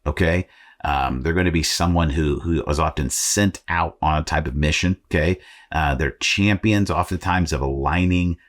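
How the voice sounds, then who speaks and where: Very deep-voiced American podcast host. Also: male voice, normal speed. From Arizona, United States. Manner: conversational, self-deprecating, with frequent fillers. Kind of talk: motivational faith podcast talk.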